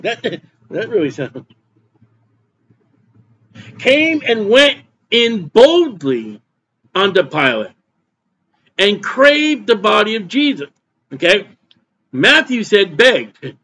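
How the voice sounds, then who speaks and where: A man's voice: high voice, sing-song, slow, pauses often, bright, forceful tone, a little hiss or hum, low-quality recording. A man preaching a sermon as pastor, emphatic and repeating his points for stress.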